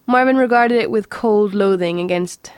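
A woman's voice: medium pitch, moderate pace, smooth, no room sound. Woman reading a story aloud. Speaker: narrator. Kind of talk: audiobook reading.

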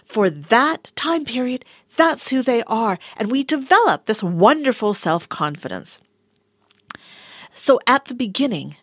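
A woman giving a motivational talk and guiding affirmations in a studio, animated, laughing often and dropping into soft whispers. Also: fairly high pitch, measured pace, slightly rough, no echo. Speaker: wellness speaker. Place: studio with a sound engineer.

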